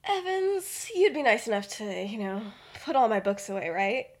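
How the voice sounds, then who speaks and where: A man's voice: very high voice, very animated, normal speed. A woman playing a teenage boy, laid-back, casual, pleading tone.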